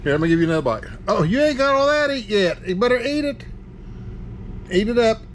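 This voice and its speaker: A man's voice: sits high, sing-song, brisk, a little hiss or hum. A man talking to his little son at home, doting and coaxing in a folksy way. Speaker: vlogger, father. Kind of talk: casual family vlog.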